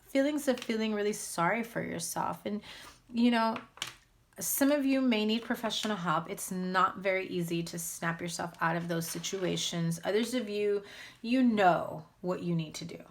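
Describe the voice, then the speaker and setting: A woman's voice: medium pitch, slight background noise. A woman giving a casual spoken tarot reading to her viewers, blunt and candid, speaking straight out. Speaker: tarot reader.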